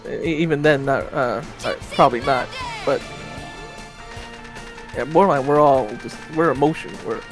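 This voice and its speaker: A man's voice: mid-range voice, normal speed, pauses often, music in the background. A man co-hosting a game stream, chatting casually and reading viewer comments aloud.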